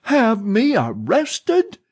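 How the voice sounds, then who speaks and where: A man's voice: sits high, sing-song, normal speed, a little mellow, husky, voice pushed up, full character voice. A man voicing an indignant old woman box-keeper in an audiobook, shrieking with outrage. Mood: outraged. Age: older. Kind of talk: audiobook character voice.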